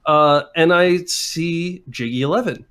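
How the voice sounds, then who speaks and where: Self-deprecating man in his twenties, slightly high. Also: a little slow, a bit bright. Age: 20s. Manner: self-deprecating, storytelling, acts out quotes. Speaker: guest. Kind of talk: casual chat, anecdote telling.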